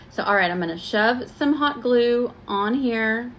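A woman's voice: a little high, animated, a little slow, fairly bright tone, slight background noise. A woman, chatting to viewers while working on a craft project at her table at home. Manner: chatty, self-deprecating, talks to viewers as y'all. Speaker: craft vlogger. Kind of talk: live craft tutorial chat.

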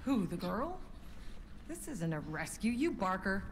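A cocky, sarcastic young fighter in a game cutscene, her dismissive lines rising and falling widely. Clear noise runs under the game audio. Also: medium pitch, very animated, a little slow.

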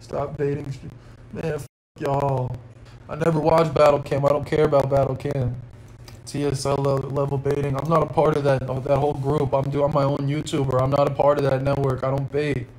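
A man's voice: mid-range voice, completely flat delivery, fairly quick, a little mellow, poor audio. A young man from New York, upset and close to tears, ranting through an unscripted live stream from a hotel room, swearing constantly and tacking bro and man onto his lines. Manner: profane, repeats bro and man, rambling.

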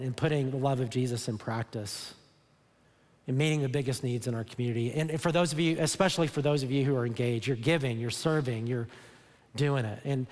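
Earnest male pastor preaching in a hall. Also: a little high. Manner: earnest, repeats words and restarts often, rises to emphatic bursts. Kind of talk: sermon. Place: large church auditorium. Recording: long hall reverb.

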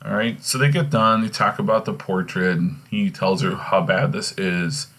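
A man's voice: lowish voice, moderate pace, a bit bright. A male teacher casually reading and explaining a play in a recorded lesson, often checking in with "okay?". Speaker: English teacher.

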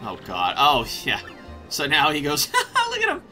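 A man hosting a casual let's play, rambling and excitable, often breaking into laughter. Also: on the high side, a little slow, faint music behind. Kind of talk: casual gameplay commentary.

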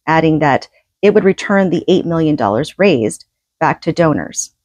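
A woman reading a nonfiction book aloud, steady and measured, with an occasional casual aside. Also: low-pitched, no room sound. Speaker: audiobook reader.

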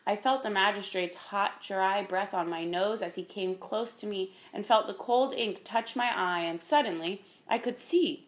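A woman narrating a children's story in a calm, measured way. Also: medium pitch. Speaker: audiobook narrator.

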